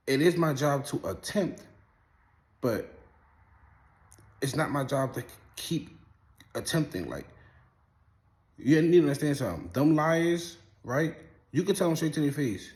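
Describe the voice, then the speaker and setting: Animated New man telling stories. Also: mid-range voice. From Brooklyn, New York. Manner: animated storytelling, street slang, acts out quotes. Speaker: host. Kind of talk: casual monologue.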